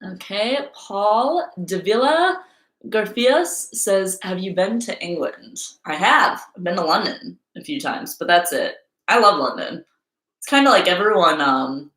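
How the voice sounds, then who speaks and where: A woman's voice: mid-range voice, lively intonation, unhurried, a bit bright. A woman hosting a live Q&A stream, talking in a chatty, rambling way full of fillers. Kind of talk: casual live-stream chat. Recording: roomy echo.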